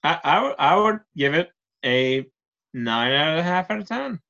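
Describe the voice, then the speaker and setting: A young man with a slightly high voice jokes and swears freely in casual chat. His audio sounds dull and lo-fi. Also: very animated, moderate pace, vocal fry, pushed and bright. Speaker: podcast co-host.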